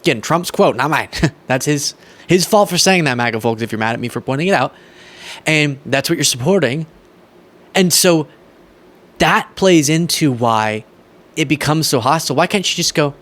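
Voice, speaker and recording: A young man hosting a political reaction show, talking in a sarcastic, mocking and animated way. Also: a little high, moderate pace. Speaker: political commentary host. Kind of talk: reaction commentary.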